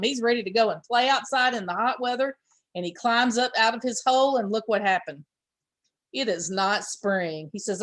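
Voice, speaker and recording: A woman teacher reads a picture book to small children at an even middle pitch. She stops often to explain words and asks the children questions. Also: fairly quick. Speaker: pre-K teacher. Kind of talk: reading a picture book aloud to young children.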